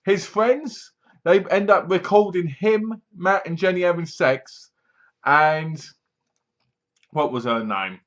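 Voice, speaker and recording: A man's voice: fairly high pitch, slow, a bit bright. A man giving a casual spoken review of a horror movie, sarcastic and mocking, acting out scenes as he goes. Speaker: film reviewer. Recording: dull lo-fi sound.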